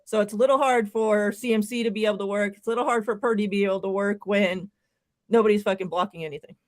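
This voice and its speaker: A woman's voice: medium pitch, fairly even intonation, quick pace. A woman co-hosting a casual sports chat, blunt and teasing, swearing often. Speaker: podcast co-host.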